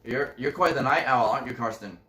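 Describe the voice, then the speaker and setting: A man's voice: medium pitch, brisk, pushed and bright, reverberant. A man hosting a live stream from home, easygoing as he reads off a list of names. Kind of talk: casual live-stream chat.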